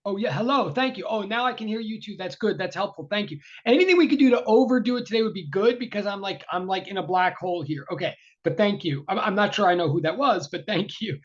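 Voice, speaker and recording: Brief: male lecturer, high voice, apologetic and chatty, tablet mic with dull lo-fi sound. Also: animated, fast, few pauses. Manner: apologetic, flustered, chatty, many fillers and restarts. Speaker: university lecturer. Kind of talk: casual online class opening. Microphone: tablet microphone on a video call. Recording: dull lo-fi video call audio.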